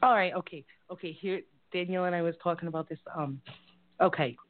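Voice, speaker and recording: Speaking fast in a lowish voice, a Boston-area Massachusetts woman co-hosts a casual live talk show. She rambles, giggles and talks frankly, and the recording sounds tinny, like a phone.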